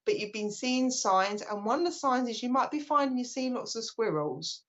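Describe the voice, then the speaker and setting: A British woman working as a medium, giving a live reading in a gentle, reassuring way that often restarts mid-sentence. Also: a little high, expressive, moderate pace. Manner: gentle and reassuring, relays messages with frequent restarts. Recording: slightly dull lo-fi sound.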